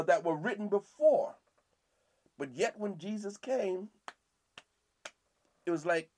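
A man's voice: sits high, a little mellow. A man teaching scripture verse by verse in a preaching style, often repeating himself and asking "Amen?". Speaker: Bible teacher and podcast host.

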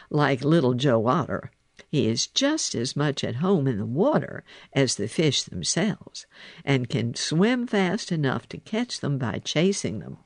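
A man narrating a children's animal storybook in an expressive, animated way. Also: medium pitch, creaky, no echo. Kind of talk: storybook reading.

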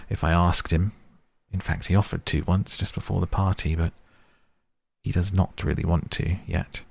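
A man voicing Gandalf, a grave, quiet old wizard. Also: low voice, creaky, husky, dry recording, full character voice. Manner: quiet, measured, thoughtful. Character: old male wizard, grave, watchful and patient.

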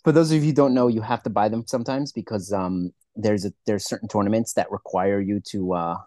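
A man co-hosting a podcast, chatting casually in a fast, profane, rambling way. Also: on the low side, dark tone, no echo, studio quality. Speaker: podcast co-host. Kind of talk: casual chat.

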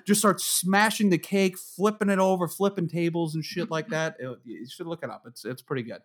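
A man's voice: high voice, brisk, hardly any pauses, fairly bright tone, shouting. A man chatting casually on a podcast, rambling and swearing, often laughing as he tells stories. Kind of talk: casual chat.

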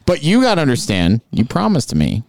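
A man in casual podcast banter, scolding a friend in a mock-stern, profane way. His pitch swings widely as he talks. The room sounds dry and close. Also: huge pitch swings, a little fast, creaky, darkish tone, no room sound. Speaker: podcast co-host.

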